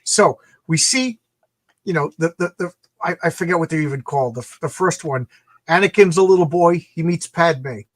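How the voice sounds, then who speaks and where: A man in casual podcast chat, animated, acting out quoted lines in different voices. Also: fairly high pitch, normal speed, no echo. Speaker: podcast co-host.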